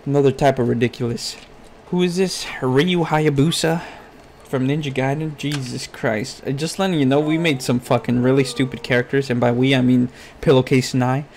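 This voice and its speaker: Steady in tone and moderate in pace, a man with a medium-pitched, darkish voice gives a crude Let's Play. This gaming YouTuber swears constantly and scolds his game character, and a faint hiss or hum is audible.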